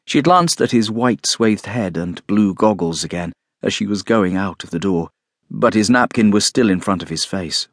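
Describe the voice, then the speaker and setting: Male audiobook narrator, expressive and lively in pitch, low husky tone. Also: no echo, clean studio sound. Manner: expressive, measured storytelling. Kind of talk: scripted narration of a classic novel.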